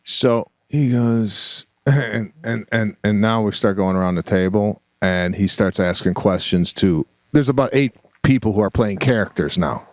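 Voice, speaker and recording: A middle-aged man co-hosting a podcast, telling a story in casual comic chat, animated and mock-exasperated, with swearing. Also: fairly low pitch, unhurried, few pauses, no room sound, studio quality. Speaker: podcast co-host.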